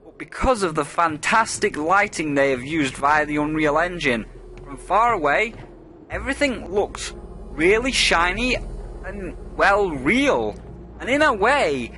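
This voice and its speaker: A man's voice: high voice, expressive, a little slow, pushed and bright, slight background noise. Playful sarcastic male game reviewer. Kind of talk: scripted video game review.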